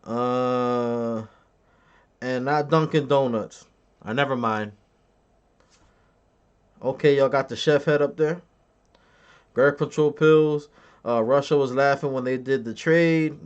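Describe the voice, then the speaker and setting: A man's voice: mid-range voice, slow, long pauses, clear, resonant tone, lo-fi sound. A man on a live stream, reading his chat aloud and bragging in a crude, joking way.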